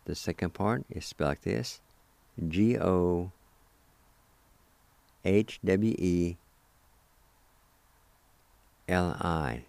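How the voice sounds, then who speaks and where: A man with a low, mellow voice teaches a radio language lesson, taking each syllable slowly and carefully. The sound is close and dry, with no room around it. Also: vocal fry, dry recording. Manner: slow, careful spelling and syllable-by-syllable pronunciation; gentle, friendly reminders to listeners.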